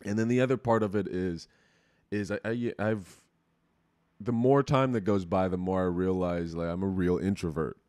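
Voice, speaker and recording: A man's voice: low voice, steady tone, normal speed, a little mellow, no room sound. A young man hosting a podcast, chatting candidly and rambling with casual swearing into a close mic. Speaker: podcast host. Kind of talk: casual chat.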